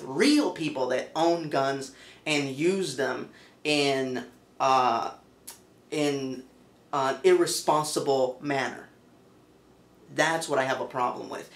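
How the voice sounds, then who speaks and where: A man with a slightly high-pitched voice tells a personal story in a loose, conversational way, full of fillers. He stresses his points with emphasis. The sound is roomy and echoey. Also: fairly bright tone. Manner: casual, many fillers, emphatic. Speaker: vlogger. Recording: echoey room.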